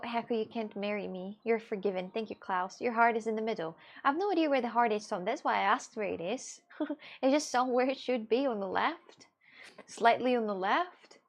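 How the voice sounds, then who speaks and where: Giggly woman streamer with vocal fry. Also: a little high. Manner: chatty and giggly, rambling with restarts. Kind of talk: casual livestream chat with viewers.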